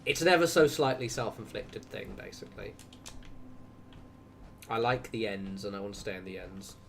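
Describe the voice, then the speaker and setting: A man's voice: lowish voice, normal speed, gravelly, fairly bright tone, a little hiss or hum. A young man streaming a game, chatting casually to viewers in a rambling way and often cutting himself off mid-sentence. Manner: rambling, self-interrupting, chatty asides to viewers. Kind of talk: casual gaming livestream chat.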